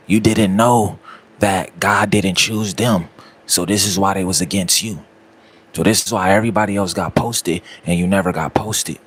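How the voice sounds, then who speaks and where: A man's voice: sits low, moderate pace, breathy edge. A man, giving a repetitive, preachy motivational talk aimed straight at the listener. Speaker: motivational speaker.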